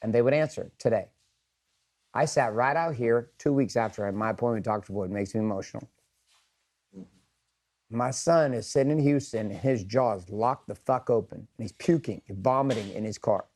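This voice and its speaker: A man's voice: medium pitch, moderate pace, a little mellow. Blunt, profane middle-aged man addressing a room. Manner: asks the room questions and polls for raised hands. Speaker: speaker leading a group session. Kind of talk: candid motivational talk to a group.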